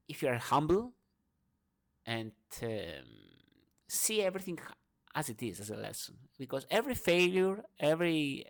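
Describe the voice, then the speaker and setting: A man with a mid-pitched voice delivers an unscripted morning rant in non-native English. He is emphatic and profane, jumping between loud bursts and quiet mutters, with many fillers and restarts. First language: not English. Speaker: vlogger.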